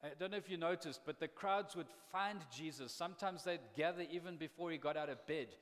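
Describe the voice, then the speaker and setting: Impassioned preacher in a reverberant hall. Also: male voice, a little high, brisk, fairly bright tone. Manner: impassioned, conversational, repeats words when fired up. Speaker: pastor. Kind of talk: sermon. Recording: long reverb of a large hall.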